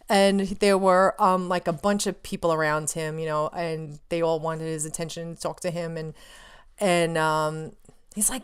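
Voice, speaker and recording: Woman vlogger, casual storyteller, low-pitched and clear, gushing and chatty with lots of filler. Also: normal speed. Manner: excitable, rambling, filler-heavy, acts out her own remarks.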